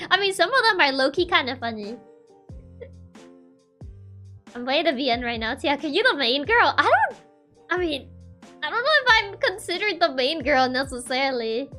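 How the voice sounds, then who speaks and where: Giggly high-voiced woman streamer. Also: expressive, normal speed, pushed and bright, faint music behind. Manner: giggly, laughs often between remarks. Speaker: virtual streamer. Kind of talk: casual livestream chat with viewers.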